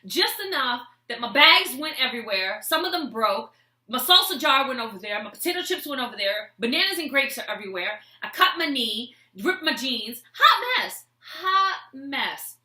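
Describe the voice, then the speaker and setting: A woman vlogger telling a comic personal story with a life lesson, animated and expressive as she acts out scenes. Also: fairly high pitch, fairly quick. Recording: echoey room.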